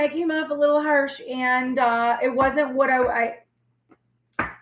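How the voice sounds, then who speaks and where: A woman, a tarot reader talking candidly to her live-stream viewers in a sassy, feisty, rambling way, with a forceful tone that can sound like yelling. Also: fairly high pitch. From New York. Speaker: tarot reader and channel host. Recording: echoey room.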